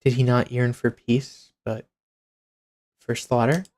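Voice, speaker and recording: A woman's voice: rumbling low, flat delivery, slow pace, darkish tone. A woman streaming a game, chatting playfully with her viewers and joking between reading lines aloud. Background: faint game music.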